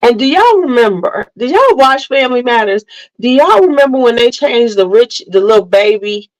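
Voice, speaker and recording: Lively woman chatting with her viewers. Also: on the high side, moderate pace, poor audio. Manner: animated storyteller, laughs often, greets viewers by name. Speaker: livestream host chatting with viewers. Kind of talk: casual chat.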